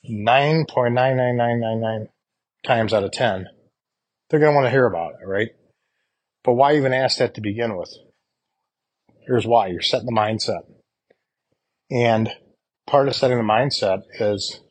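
A man's voice: medium pitch, moderate pace, pauses often, darkish tone, dry recording. A man casually coaching service technicians, rambling and often tossing in "you know" and "right?". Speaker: podcast host coaching HVAC technicians. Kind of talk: casual instructional talk.

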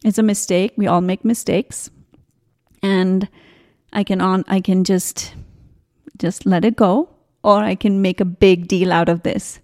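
A woman in her forties hosting a spiritual podcast, talking gently in a rambling way with tangents and restarts. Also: mid-range voice, fairly even intonation, unhurried, pauses often. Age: 40s. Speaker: podcast host. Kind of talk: casual spiritual podcast talk.

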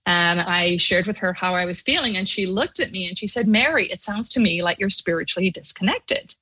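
A middle-aged woman from Ireland with an Irish accent, a podcast guest telling her personal story in an earnest, animated way. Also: on the low side, fairly quick, breathy edge, rough recording.

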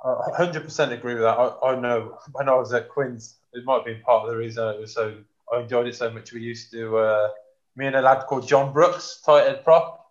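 A man's voice: mid-range voice, steady tone, brisk. A man, talking frankly in a casual chat as a former rugby player. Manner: blunt, frank, says mate often. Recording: dull lo-fi sound.

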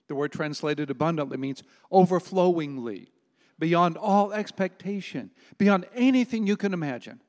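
An older man preaches with emphasis, slowing down to lean on key words. His voice sits a little high for a man. The sound rings with the long reverb of a large hall. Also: a little mellow. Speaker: pastor. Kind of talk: sermon.

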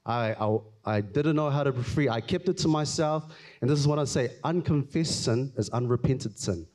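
A man's voice: medium pitch, darkish tone. Guy sharing his testimony at church, earnest, emotional, stumbles and repeats himself. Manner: earnest, emotional, often halting and repeating words. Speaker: church speaker giving testimony. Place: church hall.

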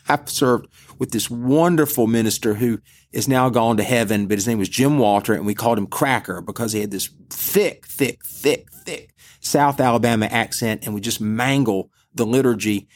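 Middle-aged man, priest, podcast Bible teaching, conversational storyteller, mid pitch. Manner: conversational storytelling, relaxed asides.

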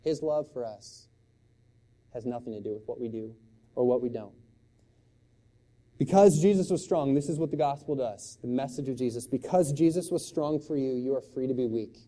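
A middle-aged male pastor delivering a sermon in a very dark, mellow voice. He moves between loud, impassioned outbursts and soft, hushed storytelling, with a middling pitch. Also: moderate pace.

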